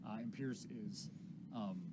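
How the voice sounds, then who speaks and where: A man's voice: lowish voice, measured pace. A man running a tabletop horror game as game master, narrating casually with many fillers. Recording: loud background hiss.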